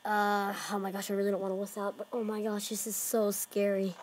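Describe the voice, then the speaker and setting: A woman's voice: medium pitch, monotone, brisk, a little mellow, a little hiss or hum. A woman hosting a horror game let's play, jumpy and exclaiming, often dropping to whispers. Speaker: gaming channel host.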